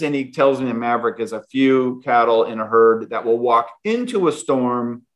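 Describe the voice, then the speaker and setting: A man's voice: mid-range voice, normal speed, few pauses. A middle-aged man, a guest, animatedly telling a personal story and often restarting his sentences. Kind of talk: storytelling in an interview.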